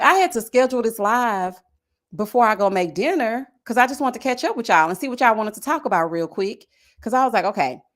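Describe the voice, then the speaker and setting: A woman in her thirties with a Southern US accent, hosting a casual livestream, chatting and reading viewer comments. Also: medium pitch. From American South. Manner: chatty and animated, slangy, talks straight to viewers. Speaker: live-stream host. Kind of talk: casual live-stream chat reading comments.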